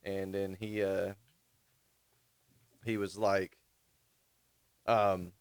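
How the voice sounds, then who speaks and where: A man's voice: deep voice, little pitch movement, very slow, long pauses, clear, resonant tone, dry recording, studio quality. A man co-hosting a podcast, telling long stories in a rambling casual way with many restarts. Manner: rambling storyteller, restarts often. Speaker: podcast co-host. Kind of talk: casual chat.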